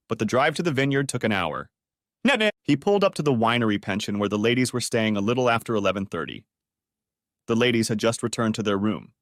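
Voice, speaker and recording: A man narrating a story audiobook in an even, matter-of-fact way. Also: fairly low pitch, no echo, clean studio sound.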